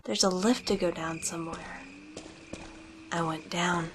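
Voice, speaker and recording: A woman's voice: on the low side, fairly even intonation, measured pace, slight background noise. A woman narrating a fan-made game story in the first person, dramatic, slipping into whispers for inner thoughts. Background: background music.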